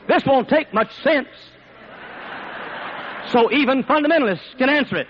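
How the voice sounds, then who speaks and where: A man preaching a sermon in an emphatic, repetitive way that rises to shouts, on a dull lo-fi recording. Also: extremely high pitch, lively intonation, normal speed, background noise.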